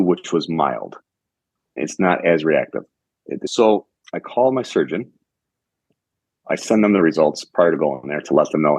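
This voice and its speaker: A young adult man from Michigan, appearing as a podcast guest, earnestly recounts events step by step and quotes what others told him. His low, darkish voice is husky, with no room sound but poor audio quality.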